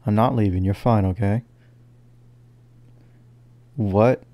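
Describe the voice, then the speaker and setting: A man calming and reassuring his brother, firm and insistent. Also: lowish voice, takes it slowly, no room sound. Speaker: brother of the streamer.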